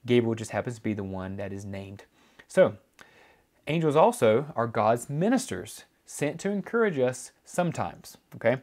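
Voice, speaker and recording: A man's voice: mid-range voice, big pitch swings, normal speed, darkish tone. A man preaching a teaching sermon, explaining scripture in a loose way with frequent fillers and restarts. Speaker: pastor.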